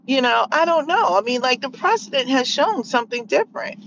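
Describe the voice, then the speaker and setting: Woman vlogger, mid-pitch, sarcastic and rambling, muffled lo-fi phone audio with faint road noise. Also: animated, fairly quick. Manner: sarcastic, rambling, lots of fillers. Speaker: vlogger sharing opinions. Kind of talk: casual opinion monologue.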